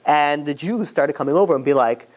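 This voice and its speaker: A man's voice: fairly high pitch, expressive, brisk. A man teaching as a rabbi, telling a story informally to a class, with many restarts and asides, and acting out the quotes. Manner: chatty, with frequent restarts and "you know"s, acts out quotes.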